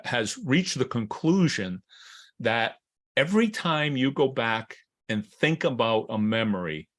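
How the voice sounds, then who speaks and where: A man's voice: lowish voice, a bit bright. A man co-hosting a casual legal discussion, talking hesitantly with many restarts and laughing often. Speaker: co-host.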